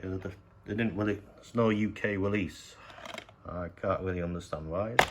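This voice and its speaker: A man's voice: low voice, moderate pace, slight background noise. A man casually showing his DVD collection at home, rambling and hesitant with frequent restarts and casual swearing. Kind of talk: casual unscripted show-and-tell.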